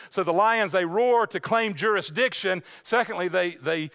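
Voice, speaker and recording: A man's voice: high-pitched, moderate pace, hardly any pauses, a bit bright. A middle-aged man preaching a sermon as pastor, talking in a conversational way, repeating words as he goes and acting out what the lion says. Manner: conversational, repeats words, voices the lion's claims.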